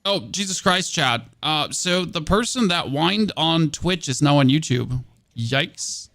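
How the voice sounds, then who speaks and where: A man's voice: a little high, animated, a little slow, vocal fry, pushed and bright, dry recording, studio quality, soft background music. A German man with a German accent, a streamer giving casual gameplay commentary and answering chat in a chatty, self-mocking way with many fillers.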